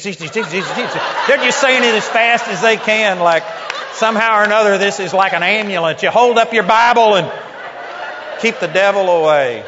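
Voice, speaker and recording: A man's voice: high voice, background noise. A male preacher telling a story in a sermon, acting out the voices and laughing often. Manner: animated storyteller, acts out quotes, laughs often. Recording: dull lo-fi recording in a big hall.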